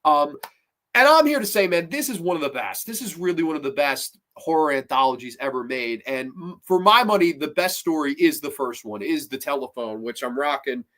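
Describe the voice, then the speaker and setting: A man's voice: a little high, lively intonation, a little fast, a bit bright. Enthusiastic male horror movie reviewer. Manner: enthusiastic, rambling, with swearing. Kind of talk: casual film review.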